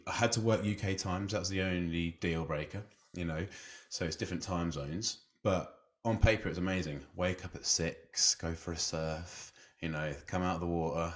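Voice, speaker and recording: A man's voice: low-pitched, moderate pace. A man telling his story casually as a podcast guest, chatty and self-deprecating, laughing often and leaning on "you know".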